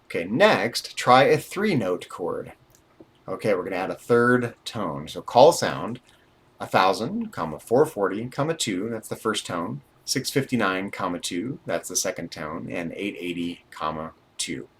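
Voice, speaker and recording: Man, low voice, animated pitch, reading passages and dictating as he types, thinking aloud, light typing behind. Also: a little slow, husky. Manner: reads book passages, then dictates numbers while typing; dry asides and thinking aloud. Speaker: instructor working through a programming book. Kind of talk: live-streamed coding lesson, reading aloud and typing. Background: keyboard typing.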